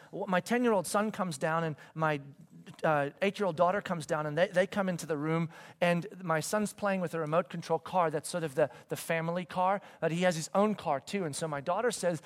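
Man, forties, pastor, sermon, slightly high voice, storytelling, loud to hushed. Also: a little fast. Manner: storytelling, swings from loud to hushed, stammered restarts.

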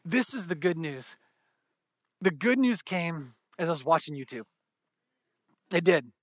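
A married man preaching a sermon to a congregation, conversational and joking, moving from hushed to shouted. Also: fairly high pitch, sing-song, unhurried, dry recording, studio quality. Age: adult, married with kids. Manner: conversational, humorous, swings from soft to shouting. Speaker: pastor.

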